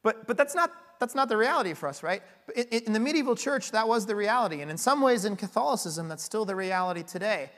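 A man preaching a conversational sermon, earnest and explanatory, asking rhetorical questions and going hoarse as he loses his voice. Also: high-pitched, animated, fast talker, few pauses, a bit bright. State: losing his voice. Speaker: pastoral candidate preaching. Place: church sanctuary. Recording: long reverb of a large hall.

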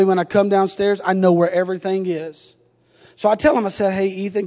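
High-voiced preacher in a reverberant church. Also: male voice. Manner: humorous storytelling rising to fervent shouting. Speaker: pastor. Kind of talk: sermon with personal story. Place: church sanctuary. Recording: long reverb of a church sanctuary.

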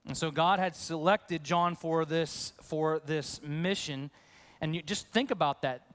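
A man's voice: on the high side, a little slow. A man, a pastor, preaching a conversational sermon to his congregation, acting out voices as he goes. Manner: conversational, animated, acts out questions.

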